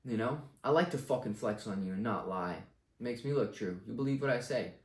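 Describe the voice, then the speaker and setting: A man's voice: on the low side, fairly quick. A young man giving blunt life advice in a casual rant, confident and full of swearing. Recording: echoey room.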